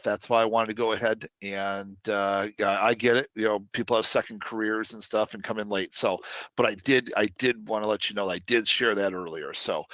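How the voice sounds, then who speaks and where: A man's voice: fairly low pitch, fairly bright tone, dry recording. A man hosting a live trading webinar, talking casually to viewers with lots of fillers and asides.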